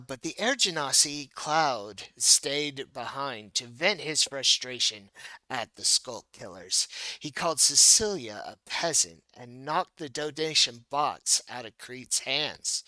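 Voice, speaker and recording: A man narrating a tabletop game as game master, unhurried and playful. His voice is bright and smooth, a touch higher than most. The recording is dry and close. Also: dry recording. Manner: playful narration with laughs and restarts.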